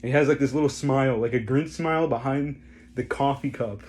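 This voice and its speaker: A man's voice: mid-range voice, big pitch swings, normal speed, pauses often, darkish tone, a little hiss or hum. Rambling, profane male storyteller. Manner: rambling, profane, frequent laughter, trailing off into mumbles. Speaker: vlogger. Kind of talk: casual storytelling.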